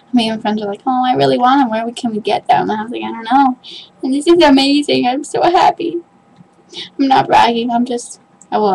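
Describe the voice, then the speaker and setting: A woman's voice: fairly high pitch, darkish tone, husky, poor audio. A young woman opening a package on her vlog, gushing, gasping and squealing with delight. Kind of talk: excited unboxing vlog.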